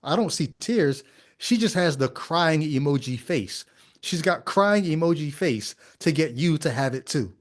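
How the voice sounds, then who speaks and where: A man's voice: on the high side, expressive, unhurried. A man hosting a podcast, giving critical commentary on a video clip in a skeptical, conversational way full of rhetorical questions. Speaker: podcast host.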